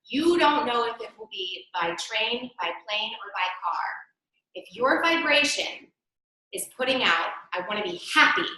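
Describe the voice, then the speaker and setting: A woman's voice: on the high side, animated, measured pace, sharp tone. A woman hosting a spiritual talk, an earnest medium coaching listeners and repeating key phrases. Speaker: psychic medium, host. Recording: very echoey room.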